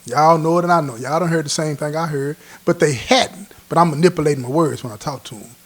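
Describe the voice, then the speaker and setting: Man, higher voice, streetwise host telling a prison story in slang, animated, quotes people in character. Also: fast talker. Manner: animated, laughs at his own story. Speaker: host telling his own prison stories. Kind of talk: casual spoken storytelling.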